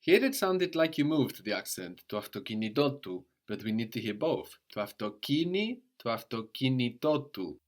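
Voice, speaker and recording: A man's voice: mid-range voice, expressive, normal speed, hardly any pauses. A man teaching a language lesson, patiently explaining and prompting his student.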